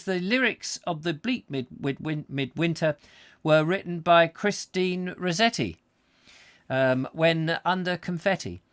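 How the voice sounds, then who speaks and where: A man's voice: medium pitch, fairly bright tone, dry recording. Guy hosting a chat show, rambling and jokey, dry close sound. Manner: rambling, jokey, many fillers. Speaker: host. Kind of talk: casual chat reading viewer comments.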